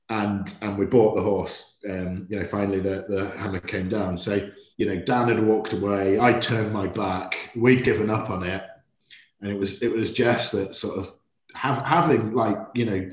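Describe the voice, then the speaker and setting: A middle-aged man, a guest telling an animated story in a podcast interview and acting out quoted shouts. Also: fairly low pitch. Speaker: racehorse owner, guest. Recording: echoey room.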